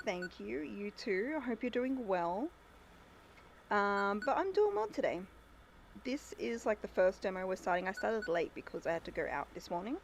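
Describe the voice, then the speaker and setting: Excitable woman streaming a game. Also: a little high, slight background noise. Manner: chatty and excitable, reacting to the game and to chat. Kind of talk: live gameplay commentary.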